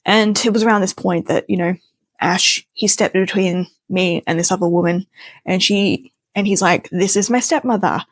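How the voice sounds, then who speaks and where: A woman's voice: on the low side, normal speed, no echo. A young woman telling a wild personal story in a casual, chatty way, acting out the voices of the people in it. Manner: animated, chatty, acts out quoted voices.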